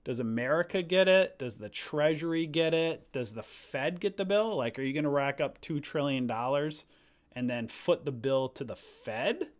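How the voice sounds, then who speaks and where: A man's voice: fairly high pitch, animated, moderate pace. A man casually hosting a live stock-trading stream, chatty and jokey, rambling as he talks.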